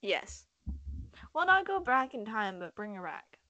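A woman's voice: a little high, very animated, unhurried, lo-fi sound, a crowd in the background. A young woman chatting casually who rambles, swears freely and says "like" a lot. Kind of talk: casual chat.

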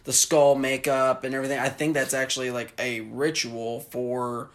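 A man from the American South in casual chat, rambling excitedly and acting out movie lines. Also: mid-range voice, normal speed.

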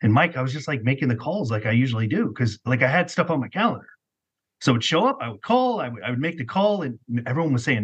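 A middle-aged man telling his personal story as a podcast guest, animated and rambling, peppered with "like". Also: mid-range voice, fast, slightly rough. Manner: animated, rambling, heavy use of "like". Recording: muffled lo-fi recording.

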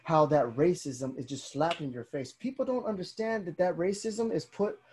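A man's voice: a little high, normal speed, slight background noise. A young man in casual conversation as a podcast host, telling stories animatedly and acting out the people he quotes. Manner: animated storyteller, acts out quoted voices.

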